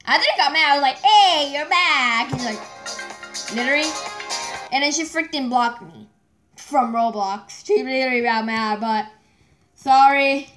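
A woman's voice: high-pitched, fairly even intonation, normal speed, a bit bright, faint music behind. A woman giving a chatty, easily exasperated running commentary as she plays a game and records a video on her phone. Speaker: gaming video creator. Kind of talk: casual running commentary while gaming. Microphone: phone microphone.

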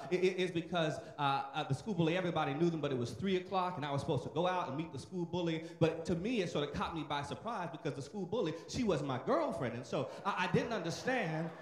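A male pastor preaching a sermon emphatically and calling out to the congregation in a church sanctuary. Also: on the high side. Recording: echoey church hall.

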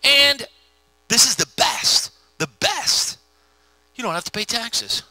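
Lively high-voiced pastor, very bright tone. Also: male voice, takes it slowly, dry recording, rough recording. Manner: animated storyteller, acts out biblical characters in slangy voices. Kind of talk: casual conversational sermon.

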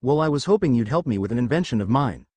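A man's voice: mid-range voice, lively intonation, quick pace, darkish tone, slightly rough, no echo. A man voicing a cheerful, inventive young princess girl in a storybook reading.

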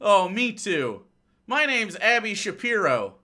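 A man's voice: high-pitched, very animated, slow pace, bright, forceful tone, heavily acted. A man doing a mocking, sing-song impression of a chirpy conservative wife. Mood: mock sweet.

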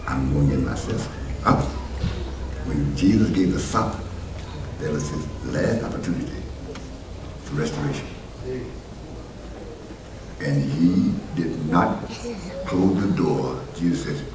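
Pastor preaching loud then dropping low, very lively pitch, roomy church sound. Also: male voice. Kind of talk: sermon. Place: church sanctuary. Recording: echoey church heard from a distance with noise.

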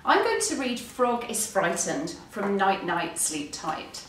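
Unhurried, expressive woman reading a story. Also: mid-range voice, a little hiss or hum. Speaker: English teacher. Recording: roomy, distant mic.

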